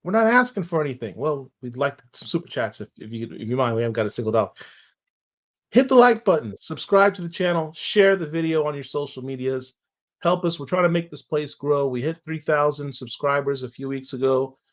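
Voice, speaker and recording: Host, male, slightly high voice, playful and casual, pushes likes and subscribes. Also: animated, a little fast. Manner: playful, hypes up the channel. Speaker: show host. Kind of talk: casual interview chat.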